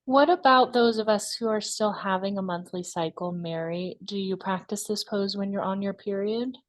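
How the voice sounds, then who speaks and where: A woman's voice: mid-range voice, moderate pace. A woman hosting an online yoga class, chatting casually while she demonstrates poses and asks her guest questions. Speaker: yoga teacher and class host.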